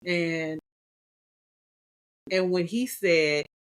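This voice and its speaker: A woman co-hosting a couples podcast, chatting casually and acting out past conversations with lively swings in her voice. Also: drawn-out words, clear, resonant tone. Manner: animated, acts out quoted dialogue with big pitch jumps. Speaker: podcast co-host.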